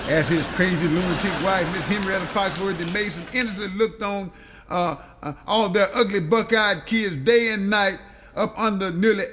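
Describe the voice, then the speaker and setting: A man's voice: high-pitched, sharp tone, slight background noise. A man reading a comic audiobook story aloud, rambling through long lists with stumbles and repeats.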